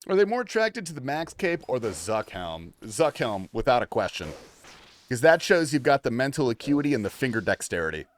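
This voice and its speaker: This livestream gamer is a young man from the United States with a mid-range voice that swings widely in pitch. He talks briskly and casually, cursing and laughing as he reads the chat out loud.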